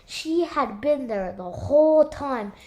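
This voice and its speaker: A woman reading a children's novel aloud, unhurried, raising her voice for the animal characters. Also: high-pitched, lively intonation, a little mellow, dull audio. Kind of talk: read-aloud storytelling.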